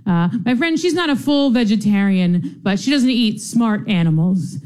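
A woman's voice: mid-range voice, expressive, normal speed, darkish tone, clear, resonant tone. A young adult woman performing a stand-up comedy set on stage with wry, offbeat one-liners.

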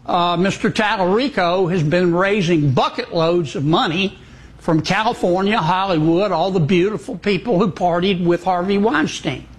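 A man's voice: high-pitched, normal speed, breathy edge. A man answering interview questions plainly, with some hesitation.

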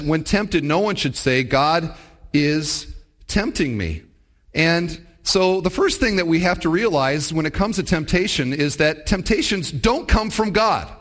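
A man's voice: a little high, a bit bright. A man preaching a sermon in a conversational way, asking rhetorical questions as he teaches. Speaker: pastor.

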